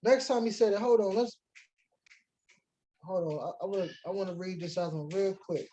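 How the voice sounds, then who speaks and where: A man's voice: high-pitched, normal speed, mellow, poor audio. Man, congregation teacher, sermon-style Bible lesson, emphatic preaching, casual asides, reads scripture aloud.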